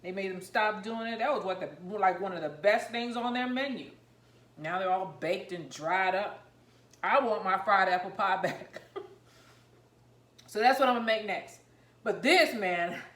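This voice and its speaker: This is a woman in a casual cooking vlog, chatting and rambling as she eats what she made. Her voice is mid-pitched and sometimes muffled by a mouthful of food. The sound has a noticeable echo from the room. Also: a little slow, fairly bright tone. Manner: talking while eating, mouth full. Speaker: cooking vlogger.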